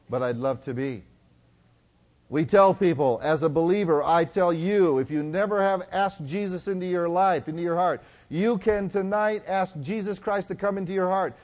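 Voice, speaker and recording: A male preacher giving a sermon, swinging between loud exhortation and hushed tones and slowing down to read scripture. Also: high-pitched.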